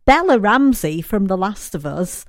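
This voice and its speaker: A woman hosts a chatty radio show, bubbly and quick to get excited. Her voice sits at an everyday middle pitch. She is heard close and dry on a studio microphone. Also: no echo. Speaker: radio presenter.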